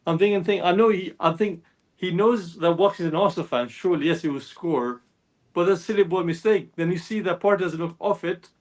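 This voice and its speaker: A man's voice: high-pitched, fairly quick, darkish tone. A man talking as a football fan panelist, earnest and frustrated, rambling through his points. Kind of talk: passionate football fan chat.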